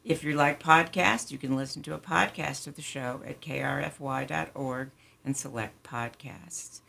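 An older woman with a scratchy, gravelly voice that has a husky edge. She hosts a community radio health show from the studio, speaking in a measured, friendly way as a retired doctor. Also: low-pitched, fairly bright tone.

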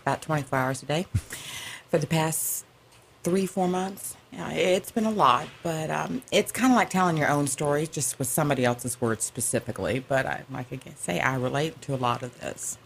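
Southern woman, stage actress, very low voice, faint hiss behind, radio guest. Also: normal speed, creaky. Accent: Southern American. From American South. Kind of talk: radio interview.

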